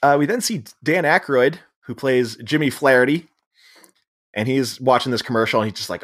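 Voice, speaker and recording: A young adult man co-hosts a relaxed film podcast, walking through scenes one by one. His voice sits at an ordinary middle pitch, and he drops in dry jokes as he goes. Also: normal speed. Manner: retells scenes with jokey asides and frequent laughs. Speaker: podcast co-host. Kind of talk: casual film recap chat.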